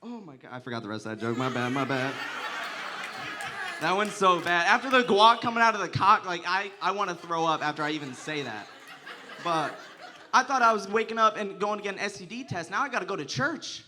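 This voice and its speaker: Bright-voiced young man doing crude stand-up. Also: sits high, expressive, fairly quick, a little hiss or hum. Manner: crude, profane storytelling, often laughing through lines. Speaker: stand-up comedian. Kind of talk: stand-up comedy set.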